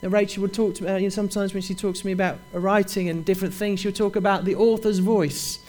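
A man with a notably high voice delivers a sermon to his congregation. He reads scripture with swelling emphasis and falls into a fervent, repetitive preaching rhythm. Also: little pitch movement, fast, darkish tone.

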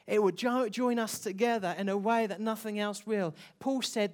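Emotive storytelling preacher, mid-pitched. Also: steady tone. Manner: emotive storyteller, slows and drops soft for emphasis. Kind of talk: sermon with an acted story.

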